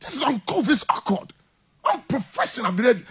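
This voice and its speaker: A man's voice: very high voice, big pitch swings, a little fast, fairly bright tone, slightly rough. A man with a Ghanaian accent, a football coach speaking indignantly in a heated interview, mixing English and Twi.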